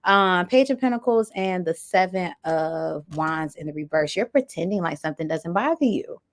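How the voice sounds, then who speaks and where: In her animated, lowish voice at normal speed, a tarot reader works through a pick-a-card reading, voicing oracle messages and tossing in playful, chatty comments for those watching.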